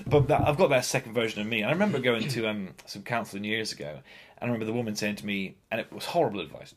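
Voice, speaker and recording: A young adult man hosting a podcast, chatting casually in an animated, jokey way and swearing now and then, then reading a sign-off. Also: fairly low pitch, racing, slight background noise. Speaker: podcast host.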